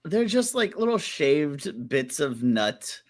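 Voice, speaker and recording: Animated, lively young man chatting. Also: fairly high pitch. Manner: animated, joking, profane, quick bursts of laughter. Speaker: podcast co-host. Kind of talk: casual chat.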